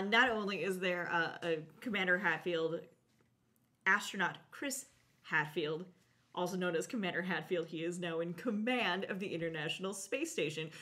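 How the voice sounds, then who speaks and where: A woman's voice: lowish voice, fairly bright tone. A woman co-hosting a live online space show, sharing space news in an upbeat, enthusiastic way with fillers. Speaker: show co-host. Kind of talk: casual live show chat.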